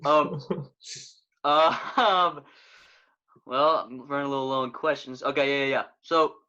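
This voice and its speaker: A young man hosting a podcast, telling stories in an excitable, casual way and saying "dude" a lot. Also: mid-range voice. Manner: excitable, fast storytelling with lots of "dude". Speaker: podcast host. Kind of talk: casual chat. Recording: dull lo-fi sound.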